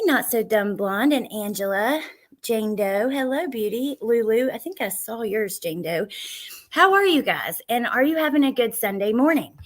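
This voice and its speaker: A fairly high-voiced woman talks casually to her livestream audience. She greets viewers one after another in a chatty, friendly run of talk. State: out of breath. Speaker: true crime livestream host.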